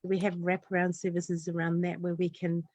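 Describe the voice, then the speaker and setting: A New woman speaks in a lowish voice, earnest and heartfelt. Her thoughts run on from one to the next in casual interview chat. The sound is dry and close. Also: monotone, fairly quick, darkish tone, dry recording. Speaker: community developer, guest.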